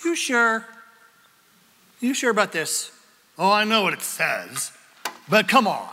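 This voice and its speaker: Preacher doing a mocking serpent voice, high and bright, echoey hall. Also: male voice, very animated, slow, slight background noise, exaggerated voice. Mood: taunting. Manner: mocking, needling questions. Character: sly taunting male serpent tempter. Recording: long hall reverb.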